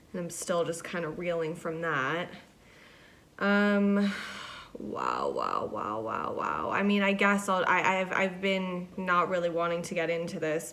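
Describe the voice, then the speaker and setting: A woman's voice: on the low side, fairly bright tone. A young woman hosting a solo podcast, telling rambling everyday stories in a chatty way and acting out what people said. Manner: chatty and rambling, acts out quoted voices. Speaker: podcast host. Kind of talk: casual solo podcast monologue.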